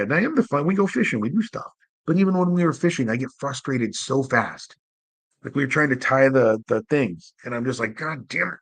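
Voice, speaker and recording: A man's voice: medium pitch, breathy edge, dry recording, poor audio. A man hosts his own show alone, talking in a loose, rambling way full of "you know." He is candid and self-deprecating and swears casually. His voice sits in an ordinary middle range, recorded dry with no room sound. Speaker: host. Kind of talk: casual solo livestream monologue.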